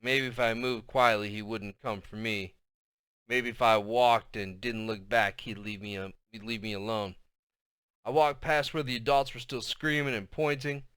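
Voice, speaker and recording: A man reading a novel aloud in the first person, with expressive storytelling that drops soft and low in tense passages. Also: moderate pace, clean tone, no echo. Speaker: audiobook narrator.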